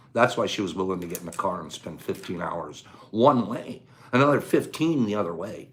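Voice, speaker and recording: A man's voice: mid-range voice, fairly bright tone. A man hosting a casual talk show, telling a funny story in a rambling way and laughing as he goes. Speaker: host.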